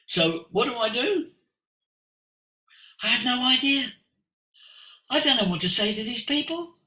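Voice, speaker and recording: An older man, a voice coach, tells stories in an expressive way, moving between hushed asides and sudden exclamations. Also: very high voice, measured pace. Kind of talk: animated storytelling. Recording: roomy echo.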